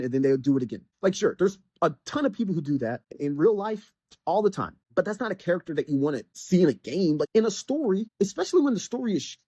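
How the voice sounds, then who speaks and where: A podcast host rants through a casual game critique, and the voice swings up and down in pitch. The delivery is loose and rambling, full of restarts and "like" fillers. The sound is dry and close, with no room around it. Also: lively intonation, brisk, dark tone, no room sound. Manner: rambling, heavy use of "like", frequent restarts. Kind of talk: casual game review rant.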